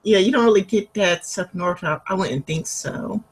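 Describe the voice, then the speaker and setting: A woman conducts a relaxed interview in a husky, slightly breathy voice. She talks loosely and is full of fillers. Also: mid-range voice, moderate pace, poor audio. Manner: chatty, full of "like" and "you know". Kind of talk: casual chat.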